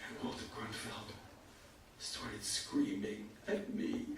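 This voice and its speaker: A man's voice: fairly high pitch, expressive, moderate pace, fairly bright tone. An older American man tells a self-mocking story to an audience, acting out voices. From United States. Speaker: speaker. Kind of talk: storytelling talk. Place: synagogue hall. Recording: echoey hall from far off.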